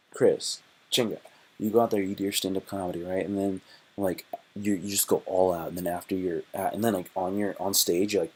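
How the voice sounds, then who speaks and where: A man's voice: deep voice, slightly rough. A man hosting his own live stream, rambling and joking in a profane, repetitive way. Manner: joking, profane, repeats himself.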